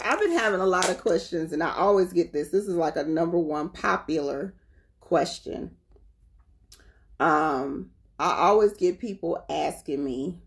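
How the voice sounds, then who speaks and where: A woman with a North Carolina Southern accent talks casually to her viewers in a fairly low voice. She is animated and laughs often as she talks. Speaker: spiritual vlogger.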